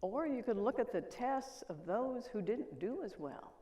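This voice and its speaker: An older woman with a voice on the high side yet dark in tone speaks a little slowly and very animatedly. Giving a keynote in a reverberant lecture hall, she tells stories and asks the audience questions.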